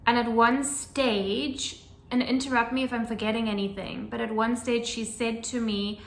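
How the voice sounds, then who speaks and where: Animated woman recounting a story, roomy sound. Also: fairly high pitch, moderate pace. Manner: animated storytelling, acting out the voices of staff. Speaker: new mother telling her birth story. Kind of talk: casual chat.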